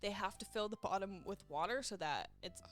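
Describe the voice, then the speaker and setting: A young woman chatting as a guest on a podcast, playful and quick to laugh as she riffs on jokes. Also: medium pitch, a bit bright, soft background music. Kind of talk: casual chat.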